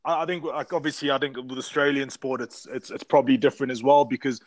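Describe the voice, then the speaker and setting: A man's voice: mid-range voice, fairly even intonation, quick pace, dry recording. A man from Africa, telling stories in casual, profane chat as a podcast co-host. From South Africa. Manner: rambling, profane storytelling.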